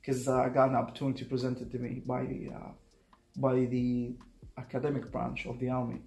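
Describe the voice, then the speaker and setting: A young man, a native Arabic speaker, telling his story in a relaxed, casual conversation and acting out the people he quotes. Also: medium pitch, brisk, gravelly, echoey room. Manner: relaxed, uses "like" and "bro", acts out quotes. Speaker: guest.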